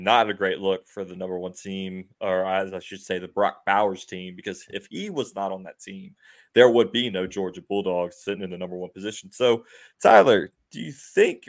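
Man, low voice, sports podcast host, upbeat recaps, frequent laughs. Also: creaky. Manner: upbeat recapping, laughs often, many fillers. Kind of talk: casual sports chat.

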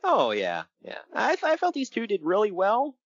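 His voice sits high and moves at a moderate pace as he co-hosts a casual wrestling podcast, telling animated stories amid frequent laughter. Dry, lo-fi recording.

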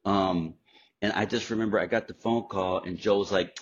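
A middle-aged man, a guest actor, telling animated, profane stories in a casual interview. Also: deep voice, moderate pace, a little hiss or hum. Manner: animated, profane storyteller acting out quotes. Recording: dull lo-fi podcast audio.

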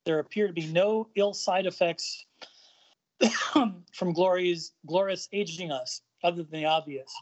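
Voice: medium pitch, unhurried, lo-fi sound, close to an everyday voice. A podcaster reading comic lines as a frail, crotchety old male genius who grumbles. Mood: measured. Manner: grumbling and complaining.

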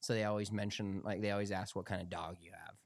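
A man's voice: lowish voice, fairly even intonation, fast talker, creaky, dry recording, studio quality. A young man co-hosting a podcast, telling rambling, profanity-laced stories in casual chat. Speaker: podcast co-host.

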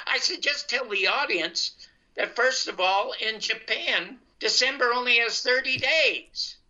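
Older man telling an anecdote, bright tone. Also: sits high. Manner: animated storyteller quoting others in dialogue. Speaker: guest comedian. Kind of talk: storytelling anecdote. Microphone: video call. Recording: muffled internet call line.

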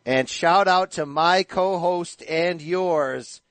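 A man hosting a casual boxing podcast, talking with energetic, playful banter. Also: fairly high pitch, slow, noisy background. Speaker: podcast host.

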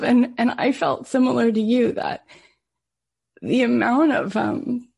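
A woman's voice: on the high side, a little slow, creaky, darkish tone, husky. A middle-aged woman podcast host telling an emotional personal story in an earnest, heartfelt way, full of casual fillers.

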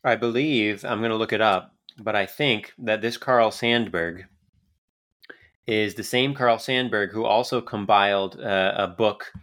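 A man's voice: on the low side, steady tone, unhurried, a bit bright. A young adult man co-hosting a podcast in casual chat, laid-back and rambling with lots of fillers. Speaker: podcast co-host.

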